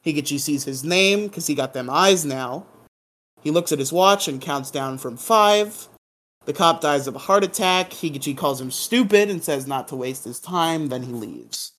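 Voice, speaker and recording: A man's voice: on the high side, expressive, moderate pace, a bit bright. A man hosting a podcast, recapping a TV episode in a casual, joking, irreverent way. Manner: joking, irreverent, hums silly sound effects. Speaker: podcast host.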